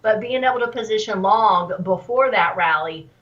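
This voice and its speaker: A woman calling in as a guest trader, speaking in a measured, thoughtful way with frequent ums. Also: medium pitch. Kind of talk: phone-in interview. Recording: dull distant phone call.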